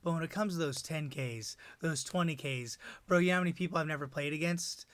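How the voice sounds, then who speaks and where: A man hosting a casual podcast chat, animated and swearing freely, jumping into loud acted-out voices of other players. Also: a little high, no echo. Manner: swears freely, fast and loose. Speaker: podcast host.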